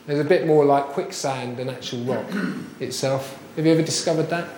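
A man's voice: fairly high pitch, a little mellow, reverberant. A man preaching a sermon, chatty and full of rhetorical questions. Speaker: pastor.

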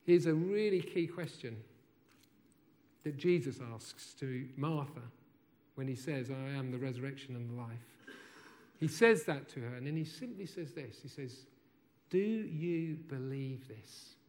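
A man preaching a sermon as a pastor in a church, rising to loud emphatic proclaiming and falling to soft, quiet questions. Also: medium pitch, animated, moderate pace.

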